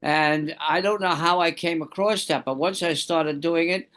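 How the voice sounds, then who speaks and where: A man calmly sharing a personal practice in a group discussion on a video call, with soft repetition. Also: a little high, normal speed. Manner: calm, softly repetitive. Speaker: study group participant. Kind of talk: casual sharing.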